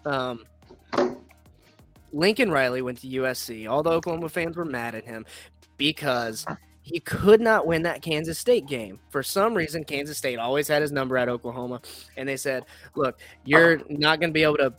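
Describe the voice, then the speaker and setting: A man's voice: medium pitch, animated, moderate pace, soft background music. A young man hosting a casual sports podcast, talking in a blunt, profane, rambling way. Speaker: podcast host.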